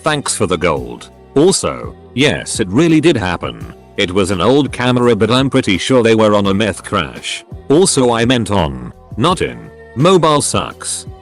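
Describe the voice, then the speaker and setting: A man's voice: fairly low pitch, sing-song, measured pace, few pauses, soft background music. A man narrating first-person stories in a dry, conversational scripted voiceover. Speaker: story narrator.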